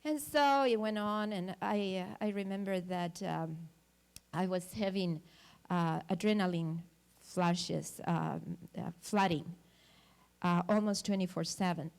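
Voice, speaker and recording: A woman's voice: on the low side, unhurried, creaky. A woman giving an earnest personal testimony in a church talk, emphatic at times and hesitating with fillers. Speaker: guest speaker sharing testimony.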